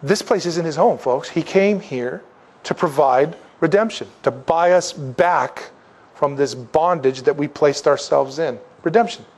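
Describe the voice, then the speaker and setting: A man's voice: a little slow, breathy edge. A male pastor preaching a sermon in a conversational style, acting out the voices of the people he quotes. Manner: conversational preaching, acts out quoted voices, wide swings in pitch and loudness.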